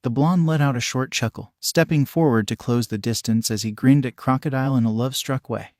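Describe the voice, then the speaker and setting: A man's voice: medium pitch, fairly quick, a little mellow, dry recording, studio quality. Man steadily narrating a fanfiction story.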